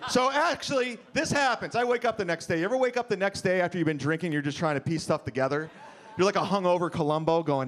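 A man's voice: on the high side, quick pace. A male stand-up comedian on a comedy club stage, telling a rambling, self-deprecating story. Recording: live club, crowd noise.

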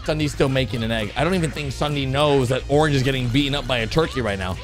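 A man hosting a video channel, giving excited play-by-play commentary on cartoons and breaking into sudden high-pitched shouts. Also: quick pace. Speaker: YouTube host reacting to cartoons. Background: background music.

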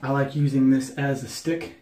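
A man's voice: mid-range voice, steady tone, moderate pace, mellow, slight background noise. An American man chatting casually to camera about wet shaving, with a jokey, rambling manner full of fillers. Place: bathroom at the sink. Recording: echoey bathroom.

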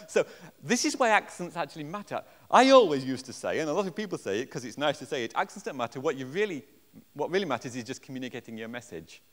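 A man with an English accent speaks at a conference, his delivery animated and full of self-deprecating jokes. His voice sits a little high and swings widely in pitch. The sound carries a long reverb from the hall around him. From England. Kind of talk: conference presentation.

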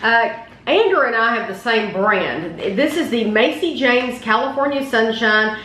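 A woman's voice: a little high, animated, unhurried, a bit bright, reverberant, a little hiss or hum, poor audio. A woman hosting a casual snack taste test, chatty and enthusiastic as she reads out package details.

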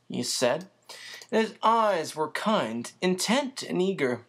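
Storybook narrator reading aloud, voice goes up and down a lot, expressive. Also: mid-range voice, normal speed. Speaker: audiobook reader.

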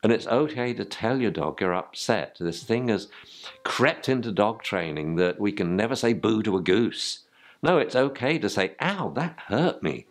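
A man's voice: lowish voice, lively intonation, normal speed. An older man, teaching dog training informally and acting out yelps and spoken commands to dogs.

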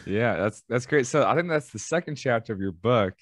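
A man hosting a podcast interview, talking in a relaxed, easygoing way. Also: mid-range voice, fairly quick, no room sound, studio quality. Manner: easygoing, brief affirmations. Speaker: podcast host. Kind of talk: casual interview chat.

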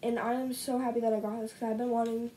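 A teenage girl chats into a camera set up at home, gushing about everything she shows with constant "like" and "so good". Her voice sits a little high and sounds slightly rough. A faint hiss runs underneath. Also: little pitch movement, fast, dark tone, low-quality recording. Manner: gushing, bubbly, heavy use of "like". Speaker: vlogger. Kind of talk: casual haul video chat. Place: at home, indoors. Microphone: camera set up in front of her.

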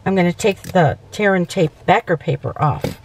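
A woman on the low side of pitch runs a casual papercraft tutorial at a moderate pace, with a little hiss or hum in the audio. She's chatty, self-correcting, and quick to check in with "okay."

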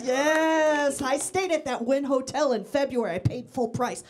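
A woman's voice: high-pitched, a little fast, few pauses. A middle-aged woman from Mexico doing a bawdy stand-up set on stage with a handheld mic, talking straight to the audience. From Mexican-American. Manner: brash, bawdy, talks to the crowd. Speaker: stand-up comedian. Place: comedy club stage before a live audience. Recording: noisy live crowd. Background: audience laughter.

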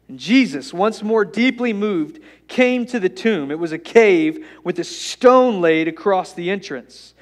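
A male pastor preaching a sermon, retelling a scripture story with playful asides, swinging from hushed and soft to loud and rousing. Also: on the high side, expressive, moderate pace.

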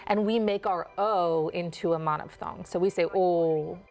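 A woman's voice: fairly low pitch, fairly even intonation, moderate pace, faint music behind. A woman dialect coach with a Minnesotan accent, explaining in a chatty interview, often saying "like". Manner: chatty, frequent "like".

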